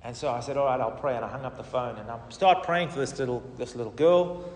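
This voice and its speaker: A middle-aged man, a pastor, telling a testimony in a sermon with animated storytelling that swings from loud to soft. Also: mid-range voice, fast. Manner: animated storytelling, rising and falling in volume. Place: church hall. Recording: roomy hall reverb, distant mic.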